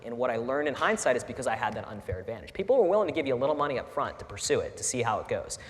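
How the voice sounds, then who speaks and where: A man's voice: medium pitch, racing, few pauses. A middle-aged man, a startup founder, speaking candidly and with feeling to an audience, often restarting his sentences. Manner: earnest, animated, frequent restarts and fillers. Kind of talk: candid talk at a fireside chat. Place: large lecture hall with audience. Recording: echoey hall with faint ambience.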